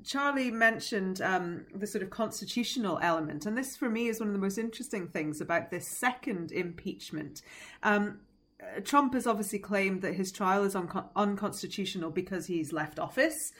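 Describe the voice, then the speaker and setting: Woman teacher breaking down politics on a podcast, measured and explaining, the odd little laugh. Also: medium pitch, fairly bright tone. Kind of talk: analytical podcast discussion.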